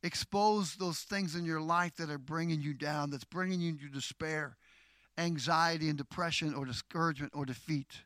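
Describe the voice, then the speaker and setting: A middle-aged male pastor preaching a sermon, moving from slow, measured teaching to loud, declaiming exhortation. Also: on the high side, fairly even intonation, no echo.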